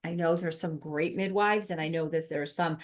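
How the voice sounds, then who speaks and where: A woman's voice: sits low, brisk. A woman leading a workshop for birth helpers, talking casually with many ums and restarts. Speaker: doula trainer. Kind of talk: workshop teaching.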